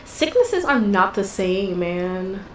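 A woman's voice: medium pitch, very animated, slow, reverberant, a little hiss or hum, low-quality recording. A woman hosting a gaming channel, chatting casually and exclaiming in frustration as she plays. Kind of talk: casual gameplay commentary.

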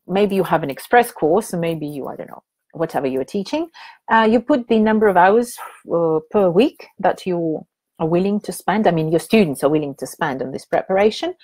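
A woman's voice: fairly low pitch, expressive, moderate pace, a little mellow. Chatty woman presenting a webinar. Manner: chatty, hesitant, many fillers and restarts. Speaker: teacher trainer presenting a webinar.

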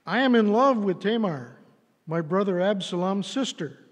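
A man's voice: high-pitched, expressive, normal speed, big-room sound. A man reading as a selfish lovesick prince. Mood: pleading.

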